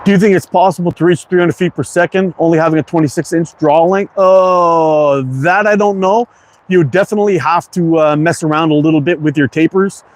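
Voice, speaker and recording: A man in his fifties from Quebec speaks English with a slight French-Canadian tinge. His voice sits a little high for a man. He chats casually with viewers on a livestream, reading their comments and often doubling up his words. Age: 50s. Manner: friendly, repeats words, reads chat aloud. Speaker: livestream host.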